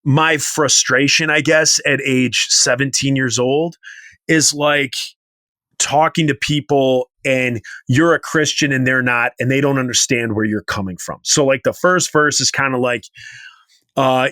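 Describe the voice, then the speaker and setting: A man in his forties, co-hosting a podcast, tells a rambling story in casual chat and now and then hums bits of a tune. His voice is medium-pitched, steady, and sharp-toned, a little slow, with no echo.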